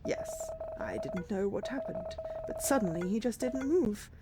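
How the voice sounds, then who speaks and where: A woman voicing a lonely, gentle stray dog who speaks softly and wistfully. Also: a little high, huge pitch swings, moderate pace, over loud music.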